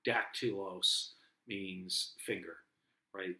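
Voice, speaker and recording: A man's voice: low voice, unhurried, pushed and bright. A man lecturing as a professor, rambling and self-correcting with many fillers. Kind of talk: recorded lecture.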